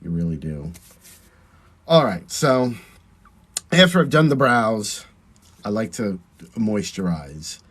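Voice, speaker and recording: In a slightly rough, lowish voice with big pitch swings, a drag performer takes his time and leaves long pauses. He chats through a phone live stream while doing makeup, reading and answering comments and thanking viewers.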